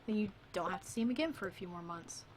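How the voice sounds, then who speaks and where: A woman's voice: fairly low pitch, expressive, fast. A young woman streaming a farming game, chatting casually and self-mockingly, reading game lines aloud in goofy voices. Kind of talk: casual gameplay chat.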